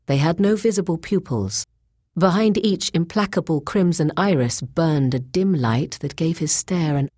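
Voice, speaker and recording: Low-voiced woman narrating an audiobook. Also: a little mellow, husky, dry recording, clean studio sound. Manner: deliberate, descriptive storytelling.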